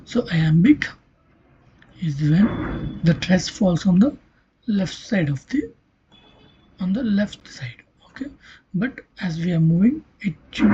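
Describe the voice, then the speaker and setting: Breathy, husky-voiced linguistics lecturer. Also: medium pitch, warm tone. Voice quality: breathy, half-whispered delivery. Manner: checks understanding with "Clear?" and "right?"; repeats and corrects themself mid-explanation. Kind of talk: explanatory online lecture. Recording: dull lo-fi recording.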